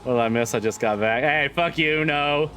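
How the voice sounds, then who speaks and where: A man's voice: medium pitch, moderate pace, bright, forceful tone. A man streaming a driving game live, chatting casually, swearing and repeating himself as he gets frustrated.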